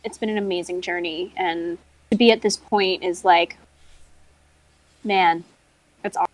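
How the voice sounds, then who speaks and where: A woman's voice: lowish voice, fairly even intonation, measured pace, no room sound, poor audio. Supportive woman co-host, casual chat. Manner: supportive, lots of short agreeing replies.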